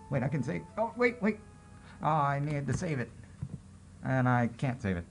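A man's voice: medium pitch, sing-song, normal speed, faint music behind. A man giving casual, self-amused commentary while playing a story game. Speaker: let's play commentator.

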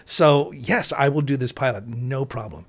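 A man's voice: mid-range voice, moderate pace, husky. Man rambling through an interview story. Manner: rambling with frequent restarts and asides. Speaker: actor guest.

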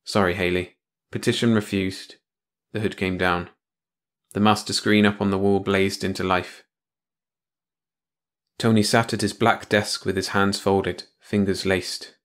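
A man reads a short story aloud as an audiobook in a steady, measured way. His voice is fairly low and keeps an unhurried storytelling pace. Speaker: audiobook narrator. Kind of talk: scripted story narration.

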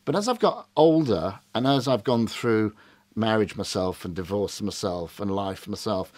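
A man's voice: lowish voice, normal speed. A middle-aged man, reviewing a film in casual chat and acting out lines from it. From Britain. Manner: animated, acts out quoted lines in varied voices.

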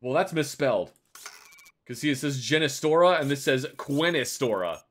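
A male streamer giving casual, sarcastic commentary as he plays a video game. His pitch swings widely, and he breaks into sudden loud outbursts. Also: expressive, moderate pace.

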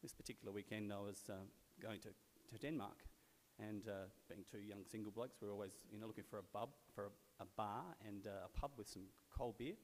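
A fairly low-voiced Australian man in his forties tells wry stories to a room, easygoing and full of "you know"s. His voice carries a long hall reverb over a faint hiss. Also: fairly even intonation, brisk. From South Australia. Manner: conversational, wry storyteller with frequent fillers. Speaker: guest speaker at a club luncheon. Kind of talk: anecdotal after-dinner speech. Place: large event venue in a sports stadium.

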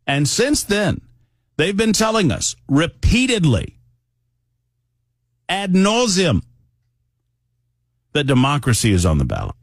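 A man's voice: on the high side, wildly swooping pitch, takes it slowly, long pauses, no room sound, clean studio sound. A man hosting a political talk radio show, speaking in a conversational, emphatic monologue that often wanders off on tangents.

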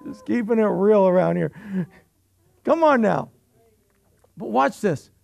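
A man's voice: sits high, animated, measured pace, gravelly, a little mellow. A middle-aged man preaching a sermon as pastor, with humor and frequent rhetorical questions to the congregation.

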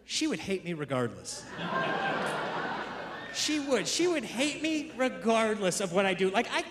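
A male stand-up comedian telling animated stories to a live audience. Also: high-pitched. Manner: animated storytelling. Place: comedy club stage. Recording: echoey venue with audience noise.

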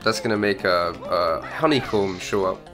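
A man's voice: fairly low pitch, expressive, normal speed, over music. A man casually bantering while playing a video game with a friend, laid-back and laughing often. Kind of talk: casual let's-play banter.

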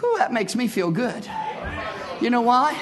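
A man preaching a sermon in church as pastor, building from measured storytelling into impassioned, shouted bursts. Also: very high voice, very animated, crowd noise, background noise.

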